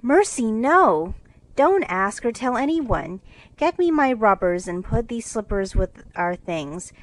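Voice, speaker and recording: A woman's voice: fairly high pitch, big pitch swings, slow, pitched above the performer's own voice, rough recording. A woman reading as Meg, a fretful genteel sister. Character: young woman, genteel, fussy, tired older sister.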